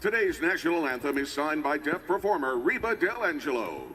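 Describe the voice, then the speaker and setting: A man making a formal stadium announcement with a booming, drawn-out delivery. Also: sing-song, bright, forceful tone, a little hiss or hum. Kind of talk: formal public address announcement. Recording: echoey stadium PA heard from a broadcast.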